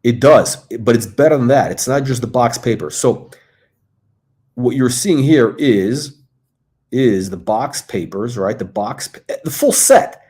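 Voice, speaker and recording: A man's voice: medium pitch, measured pace, warm tone. A middle-aged man hosting a casual livestream, talking in a rambling way with lots of fillers and restarts. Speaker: host.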